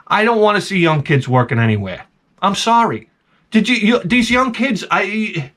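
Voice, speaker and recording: A man's voice: high-pitched, big pitch swings, moderate pace, a bit bright. Exasperated, swearing man ranting. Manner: exasperated, profane, self-mocking. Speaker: comedy vlogger. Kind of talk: comic storytelling rant.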